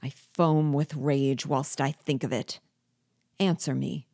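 A woman's voice: rumbling low, fairly even intonation, slow, vocal fry, warm tone, dry recording, studio quality, heavily acted. A woman reading aloud as a vengeful, scheming male dwarf who was once a jester, speaking with bitter, gloating deliberation.

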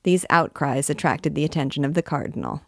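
A woman reading a classic novel aloud in a measured, expressive way. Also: deep voice, vocal fry, no echo, studio quality. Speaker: reader and teacher.

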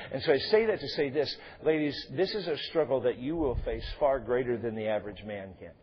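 A man's voice: medium pitch, animated, a little fast, hardly any pauses, lo-fi sound, a little hiss or hum. A male pastor preaching a sermon in a conversational way, with joking asides to the congregation. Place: church sanctuary.

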